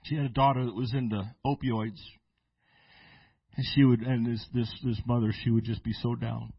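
A man who is a pastor, preaching a sermon and telling stories with restarts, sometimes slowing down and sometimes breaking into shouts. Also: medium pitch, flat delivery, gravelly, husky, no echo, highs cut off. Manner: preaching with sudden shouted bursts and slow drawn-out phrases; storytelling with restarts and repeated words. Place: church sanctuary.

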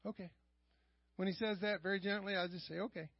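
A middle-aged man with a high voice preaches a sermon, dropping to quiet asides and then rising to loud, raised passages. The sound is dry, with no room echo, and muffled like a lo-fi church live stream. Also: steady tone, quick pace. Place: church sanctuary.

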